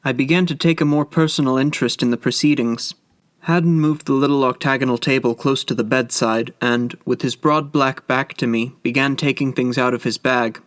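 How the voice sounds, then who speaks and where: A man narrating a classic story as an audiobook in a measured, reflective way. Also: mid-range voice, steady tone, no echo, studio quality.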